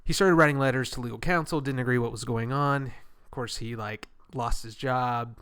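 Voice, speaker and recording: A man's voice: mid-range voice, moderate pace, fairly bright tone, clear, resonant tone. A man co-hosting a podcast, telling stories and running through the news in chatty talk full of fillers. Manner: chatty, lots of fillers, storytelling. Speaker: podcast co-host. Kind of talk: casual chat, reading news rundown.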